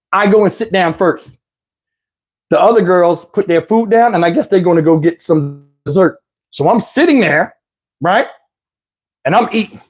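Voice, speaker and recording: Husky man telling a profane comic story. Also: high voice. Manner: animated, profane, acts out every voice. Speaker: channel host.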